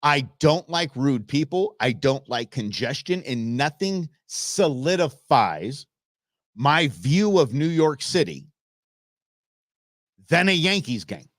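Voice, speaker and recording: A man's voice: fairly high pitch, very animated, takes it slowly, no echo, studio quality. A middle-aged man from the Los Angeles area hosting a live show, ranting casually and answering his chat. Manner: opinionated, ranting, talks back to chat.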